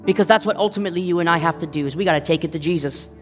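Man, high voice, impassioned preacher, repetitive, long hall reverb, faint music behind. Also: racing. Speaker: pastor. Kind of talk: sermon.

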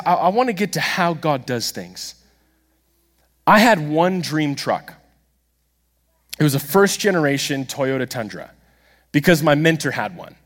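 A man preaching a sermon, telling a story with animated, self-deprecating humor and acting out the dialogue himself. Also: fairly high pitch. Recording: long reverb of a large hall.

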